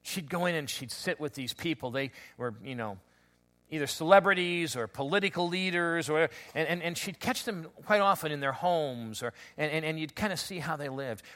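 A man preaching a conversational sermon, telling stories with lots of restarts and animated asides. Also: a little high, moderate pace. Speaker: pastor.

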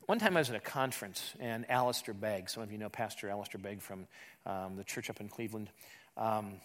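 A man preaching a sermon in a church, speaking in an animated, conversational way with emphatic rises. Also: lowish voice, brisk. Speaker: pastor. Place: church sanctuary.

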